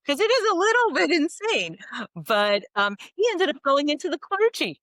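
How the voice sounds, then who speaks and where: A middle-aged woman guest telling stories in an interview, animated and quick to laugh, with many you-knows. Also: sits high, no room sound, low-quality recording. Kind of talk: conversational storytelling interview.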